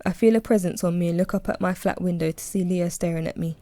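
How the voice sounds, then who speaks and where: A woman calmly reading her own first-person novel as an audiobook. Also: fairly low pitch, quick pace, no room sound. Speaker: audiobook narrator, author.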